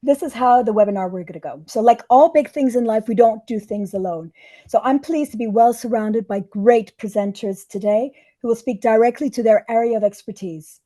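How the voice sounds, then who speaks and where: A middle-aged woman with a hoarse, scratchy voice from losing it, hosting an online webinar in an upbeat, businesslike way. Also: a little high, moderate pace, dark tone. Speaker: webinar host, diplomat. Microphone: microphone.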